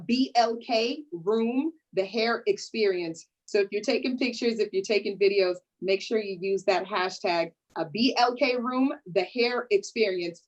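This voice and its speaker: A woman's voice: medium pitch, highs cut off. Sassy woman hosting a panel. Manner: sassy, playful, calls people honey. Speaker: host. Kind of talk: lively hosted panel talk.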